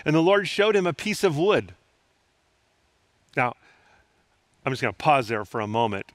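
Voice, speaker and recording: A man's voice: medium pitch, very animated, normal speed, no room sound. A man preaching a sermon in an earnest, conversational way, asking his listeners rhetorical questions. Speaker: pastor.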